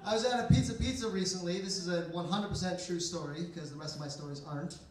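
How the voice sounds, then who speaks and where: A young man delivers a stand-up set in a dry, deadpan, sarcastic way, his voice sitting fairly high. He is heard from across an echoey bar basement. Faint room noise sits underneath. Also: quick pace. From Canada. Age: 20s. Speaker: stand-up comedian. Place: bar basement comedy night. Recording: echoey room, mic from far off.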